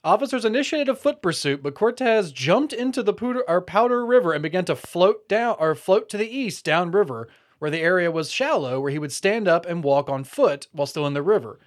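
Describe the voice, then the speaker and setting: A man with a somewhat high voice co-hosts a casual podcast and reads news stories aloud. He jokes and laughs often, stumbling and restarting as he reads. His tone stays easygoing throughout. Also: lively intonation, brisk. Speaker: podcast co-host.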